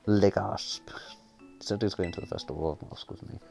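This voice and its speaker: Shy teen boy from a game voiced by a man, low gravelly voice, faint music. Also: normal speed, mellow. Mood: eager. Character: shy awkward teenage boy. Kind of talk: reading game dialogue aloud.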